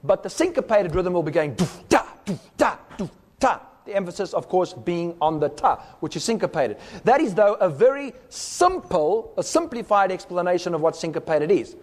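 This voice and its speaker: A man's voice: high voice, animated, normal speed, few pauses, a little mellow, big-room sound. A man giving a recorded teaching talk, explaining step by step and sounding out rhythms with his voice. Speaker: speaker.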